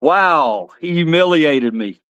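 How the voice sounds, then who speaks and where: A man's voice: fairly high pitch, animated, slow pace, a bit bright, clear, resonant tone, dry recording, dull audio. A middle-aged man, chatting casually on a live stream and rambling through old stories while laughing at himself. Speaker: livestream host.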